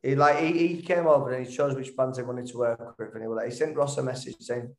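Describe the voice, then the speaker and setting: A man's voice: mid-range voice, steady tone, quick pace, few pauses. A man, a band member telling stories as a guest, stumbling and restarting as he chats. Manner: chatty storyteller, stumbles and restarts, laughs through the story. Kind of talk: casual anecdote-telling. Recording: roomy echo.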